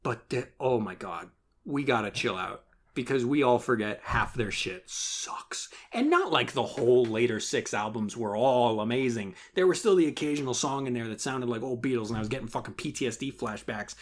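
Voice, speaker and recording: Animated man chatting on a podcast. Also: mid-range voice, normal speed. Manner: animated, swearing, laughing often. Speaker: podcast co-host. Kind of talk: casual chat.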